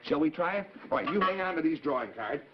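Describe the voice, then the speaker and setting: A man's voice: fairly high pitch, expressive, quick pace. A man hosting a live 1950s children's TV show, cheerfully talking with kids in the audience, heard through a dull old broadcast recording with faint hiss. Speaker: children's TV host.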